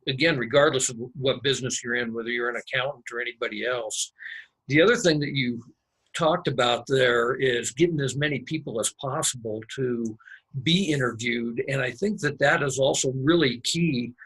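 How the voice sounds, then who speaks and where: A man hosting a podcast interview, chatting casually and relaxed while sharing stories about his customers. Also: mid-range voice, slightly rough, rough recording. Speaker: podcast host.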